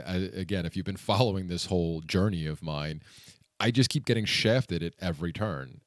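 A man's voice: sits low, dry recording, studio quality. A man vlogging, telling a frustrating story in a venting, rambling way with many fillers. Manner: frustrated, venting, lots of "you know" fillers. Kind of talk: personal vlog storytelling.

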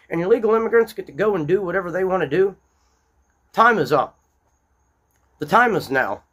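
A man's voice: high voice, fairly bright tone, slightly rough. A man hosting an unscripted, angry political monologue, blunt and repetitive, speaking from his small-town home. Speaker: political commentary host.

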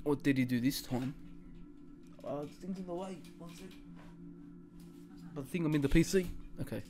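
A man's voice: fairly high pitch, moderate pace, soft background music. A man, casually commenting while he plays a horror game and swearing a lot. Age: 20s. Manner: swears a lot, panicky yelling when scared. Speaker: gaming streamer.

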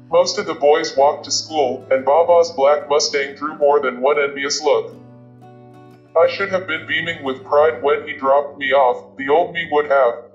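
Man narrating an audiobook over soft guitar. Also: a little high. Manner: measured, reflective storytelling. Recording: muffled with soft guitar music.

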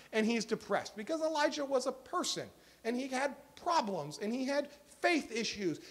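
Male pastor, high voice, earnest sermon, emphatic lines that fall to a hush. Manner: earnest, swings from emphatic to hushed. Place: church sanctuary.

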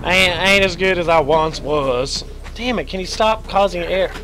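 Young male streamer, high bright voice going hoarse, chatty, yelps at scares, faint hum behind. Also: moderate pace, rough recording. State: losing his voice, stuffy nose. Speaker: streamer playing a horror game. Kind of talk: live gaming commentary.

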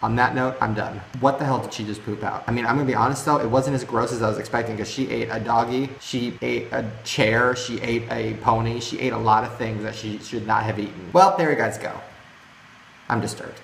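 A young man hosting a comedic game commentary video, crude and sarcastic, swinging between deadpan mutters and loud shrieks. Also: medium pitch, a little fast, gravelly, slight background noise. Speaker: gaming video host. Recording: echoey room with music behind.

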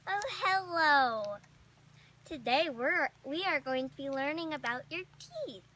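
A woman's voice: high voice, expressive, unhurried, bright, forceful tone, slight background noise, heavily acted. A woman playing an eager female flying squirrel teacher at a rodent school, sing-song and encouraging, repeating her praise in an amateur comedic role-play. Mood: instructive.

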